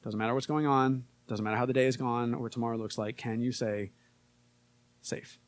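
A man preaching a casual sermon, relaxed and conversational with frequent fillers, and more emphatic when he reads scripture. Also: medium pitch, quick pace. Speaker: pastor.

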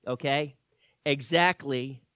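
A middle-aged male pastor preaching a sermon to his church, swinging from loud emphasis to quiet asides, with self-deprecating humor. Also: medium pitch, slow, clear, resonant tone, no room sound.

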